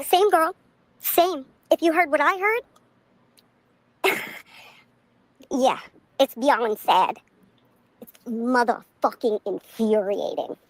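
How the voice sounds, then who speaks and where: A woman's voice: on the high side, no room sound, rough recording. A woman ranting on a live stream from the back seat of a car, profane and fuming, laughing between lines. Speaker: livestreamer.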